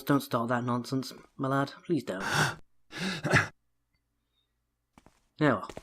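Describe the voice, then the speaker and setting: A man's voice: mid-range voice, animated, extremely slow, pauses often, sharp tone, slightly rough. Joking man narrating his gameplay. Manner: joking, self-mocking, talks to the game character. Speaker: let's play host. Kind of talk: gameplay commentary.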